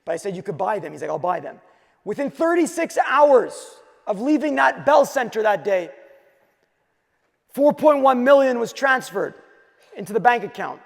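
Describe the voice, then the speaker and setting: Guy from quebec on stage, high gravelly voice, punchy storytelling, big reverby hall. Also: moderate pace. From Quebec, Canada. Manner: energetic storytelling, punchy short phrases. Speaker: conference speaker. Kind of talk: keynote talk on stage. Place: large conference hall.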